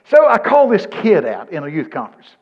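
A preacher in his seventies delivers a folksy sermon, weaving scripture into lively stories. His voice sits somewhat high for a man. The recording is dull and lo-fi. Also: brisk. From Texas. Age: 70s. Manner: folksy, animated storytelling with scripture quotes.

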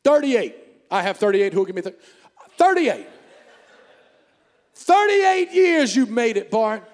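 Fervent, high-voiced shouting preacher. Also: male voice, sing-song, unhurried, long reverb tail. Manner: fervent, shouting, call and response. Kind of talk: sermon.

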